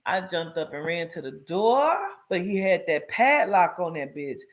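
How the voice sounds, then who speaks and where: A woman's voice: fairly low pitch, unhurried. Blunt, profane woman telling her story. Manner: profane, blunt and animated, acts out quoted speech; addresses listeners directly as "child" and "girl". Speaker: storyteller recounting her own life. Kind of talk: casual personal storytelling.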